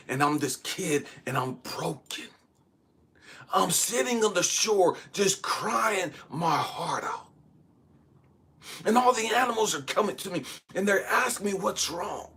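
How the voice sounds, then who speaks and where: Man, husky and breathy, slightly higher voice, animated dream storyteller, conversational, drops to hushed tones and rises to loud bursts. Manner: animated, dramatic retelling with sudden loud and hushed stretches; conversational, often asks "you know what I mean". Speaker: channel host.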